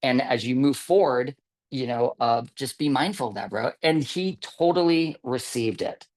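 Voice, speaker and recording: Guy telling a story on a video call, rambling, lots of ums and restarts, mid-pitched voice. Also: normal speed, a little mellow. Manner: rambling, many fillers and restarts, quoting others. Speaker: camp volunteer telling a story. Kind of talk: casual storytelling.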